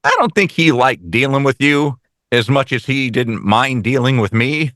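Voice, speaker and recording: A man co-hosting a casual talk show, telling stories fast with lots of quoted dialogue and some swearing. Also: medium pitch, a bit bright, dry recording, studio quality. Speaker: podcast co-host. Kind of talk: casual chat.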